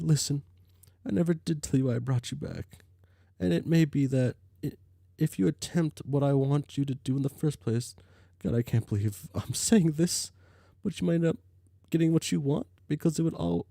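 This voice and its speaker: A man's voice: on the high side, normal speed, vocal fry, mellow, dry recording, clean studio sound. A man voicing a patient, coaxing young woman. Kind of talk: reading a webcomic aloud in voices.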